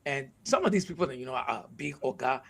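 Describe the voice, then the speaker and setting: A man's voice: medium pitch, expressive, fast talker, gravelly, a bit bright, husky. A man born in the United States and raised in Nigeria, telling a personal story in a casual conversation with earnest reflection and frequent restarts. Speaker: co-host.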